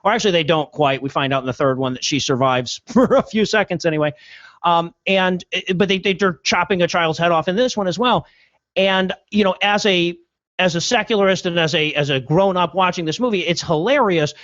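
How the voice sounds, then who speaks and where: A man with a fairly high voice chats loosely on a podcast, often restarting his sentences and chuckling between thoughts. The recording is dry and a little dull in tone. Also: brisk, a bit bright, dry recording. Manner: talkative, with frequent restarts and laughter. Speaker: podcast co-host. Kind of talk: casual podcast discussion.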